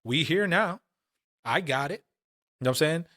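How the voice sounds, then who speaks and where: A man in his late twenties or thirties co-hosts a casual podcast, telling stories in heavy, profane street slang. His voice is on the high side, expressive, pushed and bright, at a moderate pace. The studio sound is clean with no room sound.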